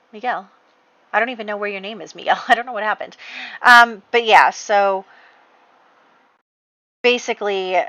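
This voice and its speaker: A woman's voice: mid-range voice, sharp tone, dry recording, highs cut off. A woman casually telling the story of her life-sim game, chatty and full of fillers. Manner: chatty, heavy on fillers like "you know" and "like". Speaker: let's play host.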